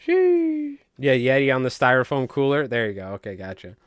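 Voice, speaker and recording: A man's voice: mid-range voice, fast talker, a bit bright, clean tone, no room sound, studio quality. A young man with a Long Island accent chatting casually and jokingly on a live stream while tying flies, rambling with many fillers.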